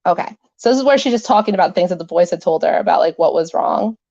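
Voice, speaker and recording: A woman's voice: lowish voice, animated, fast talker, gravelly, a little mellow, no room sound, dull audio. A woman hosting a livestream, casually talking through court documents with lots of fillers. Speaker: host. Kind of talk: livestream commentary, reading court filings aloud.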